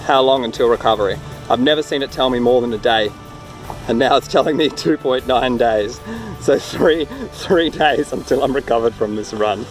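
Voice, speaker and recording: A man talking casually to the camera in a self-filmed vlog, excitable and rambling, outdoors on a trail. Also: mid-range voice, moderate pace, faint music behind. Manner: excitable, rambling, swears mildly. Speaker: vlogger, trail runner.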